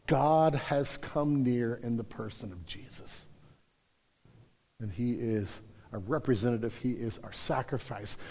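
A man's voice: mid-range voice, vocal fry, a little mellow, husky. Passionate male pastor in a reverberant church. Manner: passionate, builds to emphatic climaxes. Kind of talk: sermon. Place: church sanctuary. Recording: hall reverb.

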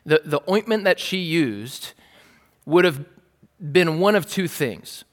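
A man's voice: fairly high pitch, animated, slow pace. A male pastor preaching a sermon in a conversational, playful style, acting out the scenes he tells. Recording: long reverb of a large hall.

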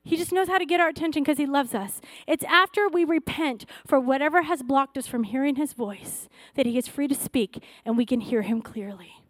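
A woman's voice: high-pitched, fairly quick, few pauses, no room sound, clean studio sound. A woman pastor preaching a fervent sermon, exhorting her church with rising, repeated calls.

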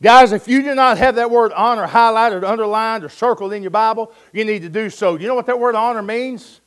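A man's voice: high-pitched, a little fast, clean tone. A man preaching a sermon, urging his listeners with emphatic, folksy storytelling and jokes.

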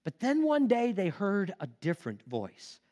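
Male preacher, high-voiced and expressive, slow sermon storytelling. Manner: expressive, emphatic.

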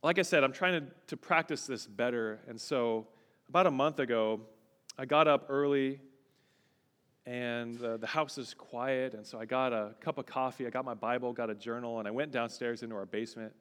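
A man's voice: medium pitch, normal speed, a bit bright, clean tone. A male pastor preaching a sermon, telling a personal story with expression and building to a fervent exhortation. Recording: long reverb, large hall.

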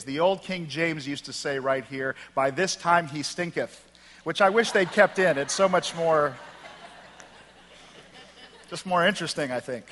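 Man pastor, higher-pitched, emphatic sermon reader, church sanctuary with lingering reverb. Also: unhurried, pauses often, fairly bright tone. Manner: emphatic, with wry asides. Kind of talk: sermon with scripture reading. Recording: long hall reverb.

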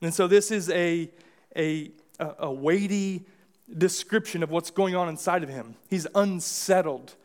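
In a church sanctuary, an American pastor preaches a sermon in a high, slightly mellow voice at a somewhat slow pace. His delivery is casual and conversational, full of restarts and acted-out asides.

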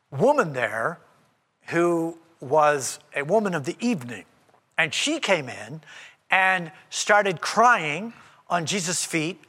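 A male pastor preaching a conversational sermon, animated and acting out the voices in the story. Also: a little high, in a large hall. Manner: animated and conversational, acts out quoted speech.

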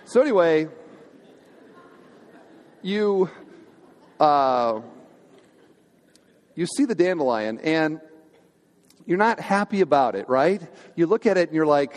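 Pastor preaching with a hall's long echo. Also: male voice, fairly high pitch, big pitch swings, takes it slowly, long pauses. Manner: conversational, humorous, asks the congregation questions. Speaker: senior pastor. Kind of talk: sermon. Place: church sanctuary. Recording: long hall reverb in a church.

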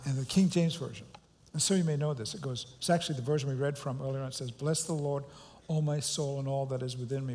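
A man's voice: fairly high pitch, a little mellow, breathy edge. A pastor preaching a sermon to his congregation and leading them in reciting scripture line by line. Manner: leads congregation in call-and-response recitation. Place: large church auditorium. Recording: long hall reverb with faint music.

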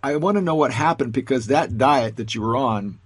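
A man's voice: medium pitch, moderate pace, breathy edge, no room sound. Man asking probing health questions. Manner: probing, asks several questions at once. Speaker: interviewer.

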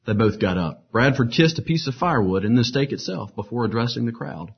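Husky guy reading old martyr stories, gets loud on the quotes, muffled lo-fi sound. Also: medium pitch, animated, a little fast, few pauses. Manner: reads quotes with rising force, adds casual asides. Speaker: preacher retelling martyr stories. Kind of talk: dramatic storytelling reading with asides.

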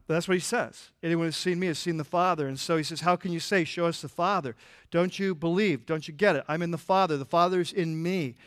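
A man preaching a sermon in a church with a higher-than-usual voice. He talks conversationally, stumbling over restarts and filler words. The sound is close and dry. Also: a bit bright, no echo. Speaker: pastor.

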